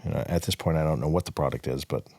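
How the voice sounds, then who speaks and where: A young man with a low, deep voice talks through his story in a blunt, casual way, swearing freely and slipping into the voices of the people he quotes. He speaks as a podcast guest. The sound is dry and close, with no room around it. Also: racing, creaky, a little mellow, no room sound. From Southern California. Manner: blunt, profane, acts out quoted dialogue.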